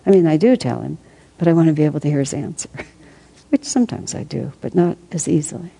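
Low gravelly woman reading to a group. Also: expressive, fast talker, dark tone, poor audio. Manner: chatty, laughs often, trailing asides. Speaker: reader leading a study group. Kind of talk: reading aloud and reflecting to a group.

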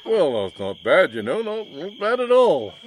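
A man's voice: sits high, huge pitch swings, measured pace, voice pushed up, full character voice. A man reading a story aloud, voicing a bluff, cheerful man who brags breezily about his ailments. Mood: hearty. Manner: hearty and breezy. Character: bluff, boastful, cheerful middle-aged man, showing off his illnesses.

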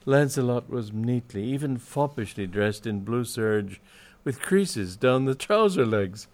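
A man's voice: medium pitch, expressive, measured pace, a little mellow. Man narrating a comic story drily.

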